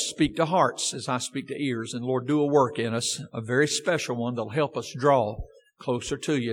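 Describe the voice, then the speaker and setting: A man preaching a sermon as pastor, reading scripture with strong emphasis and asking rhetorical questions in a church sanctuary. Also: mid-range voice. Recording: long church-hall reverb.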